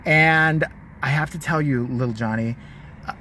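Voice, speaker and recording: A man playing a fake doctor, speaking in a lower, mock-solemn bedside voice. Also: normal speed, sharp tone, a little hiss or hum. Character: man posing as a cheerfully cruel fake doctor.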